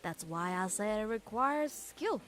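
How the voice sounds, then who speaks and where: A woman voicing an easygoing, joking male police officer with a slow, gruff drawl in a game. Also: medium pitch, lively intonation, fairly bright tone, faint music behind. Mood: laid-back.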